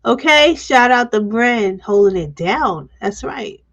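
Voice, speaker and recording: A woman's voice: on the high side, lively intonation, slow, fairly bright tone. A woman hosting a live stream, talking bluntly and emotionally and reading viewer comments aloud. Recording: dull lo-fi stream audio.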